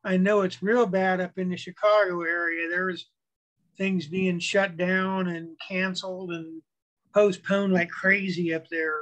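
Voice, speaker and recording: Chatty high-voiced middle-aged man. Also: little pitch movement, unhurried, a bit bright, poor audio. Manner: chatty storyteller, rambling with restarts. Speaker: club presenter. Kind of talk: casual chat before a video call talk. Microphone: video call.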